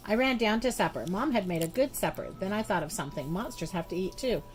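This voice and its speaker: A woman reading a children's storybook aloud in an expressive, measured way. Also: medium pitch, faint music behind. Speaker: storybook reader. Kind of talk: children's book read-aloud.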